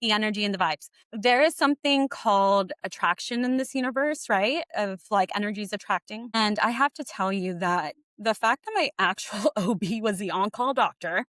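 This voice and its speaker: A woman co-hosting a podcast, telling a painful personal story in a tearful, fast, rambling way with lots of "like". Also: medium pitch, a bit bright, no echo. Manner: tearful, fast, says like a lot. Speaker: podcast co-host sharing her story.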